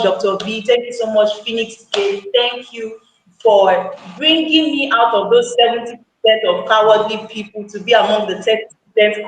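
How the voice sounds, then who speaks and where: A woman speaking excitedly on a live call, sharing a testimonial, repeating her points for emphasis and laughing often. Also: medium pitch. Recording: echoey room with faint background noise.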